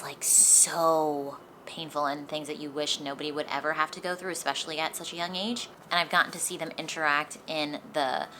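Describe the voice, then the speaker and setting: A woman's voice: low voice, a bit bright. A young woman giving a casual book review, chatty and leaning heavily on "like", with faint street noise from an open window behind her. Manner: chatty, heavy use of "like". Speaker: book vlogger. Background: faint street traffic noise.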